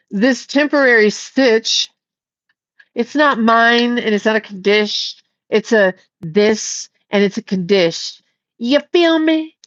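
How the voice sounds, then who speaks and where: A woman's voice: a little high, no echo, lo-fi sound. A woman hosting a casual livestream, rambling and joking with viewers, swearing freely. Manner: profane, rambling, jokey. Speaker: livestream host.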